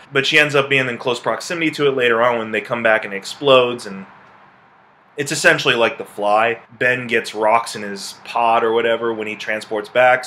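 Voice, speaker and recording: A man reviewing a film in a casual, animated way, exasperated and swearing, with laughing asides. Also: mid-range voice. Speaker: movie reviewer.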